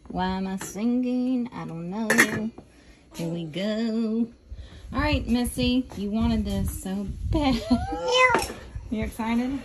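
A woman's voice: a little high, big pitch swings, takes it slowly, very noisy. A woman chatting casually in her farm vlog, laughing often and talking straight to her handheld phone. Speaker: farm wife vlogger.

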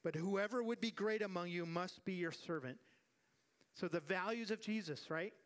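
Animated male pastor preaching a sermon. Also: high-pitched, moderate pace. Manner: animated preaching with acted-out quotes and repeated refrains. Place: church sanctuary.

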